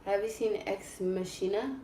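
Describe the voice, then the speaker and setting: A woman from Southern California, a podcast guest telling stories in a dramatic, animated way that sometimes trails off sleepily. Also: medium pitch, measured pace, recorded from a distance, a little hiss or hum. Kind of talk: casual storytelling chat. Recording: echoey room, away from the mic.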